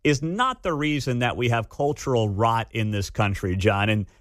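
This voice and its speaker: A man in his thirties hosting a talk radio show, telling a family story in a casual, animated way. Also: medium pitch, normal speed, no room sound, studio quality. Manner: storytelling, animated when quoting his kids. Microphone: studio microphone.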